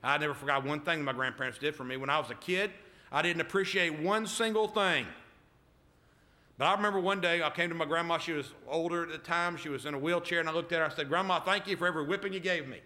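Bright-voiced preacher man. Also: a little high, fast talker. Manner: emphatic call-and-response, repeated "amen?". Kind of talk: sermon.

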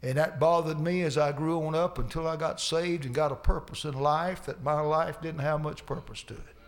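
A man's voice: a little high, steady tone, moderate pace. A male preacher giving a folksy sermon, repeating lines for emphasis.

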